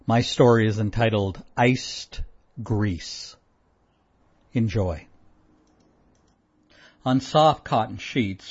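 Brief: low, husky male reader, very slow and deliberate, on a dull lo-fi recording. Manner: slow, deliberate, sensual reading. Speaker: story contributor. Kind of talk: reading a short story aloud.

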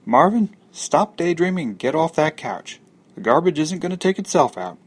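A man's voice: on the high side, sing-song, moderate pace, slightly rough, pitched above the performer's own voice. A man voicing a nagging mother who scolds her daydreaming son. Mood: scolding. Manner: scolding, raised. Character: nagging mother calling from offstage.

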